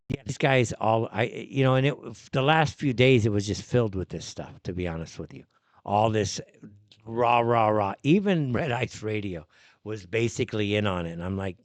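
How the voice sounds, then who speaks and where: A man's voice: fairly low pitch, normal speed, no echo. A man hosting a live commentary show, ranting in a heated, exasperated way and swearing often. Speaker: show host.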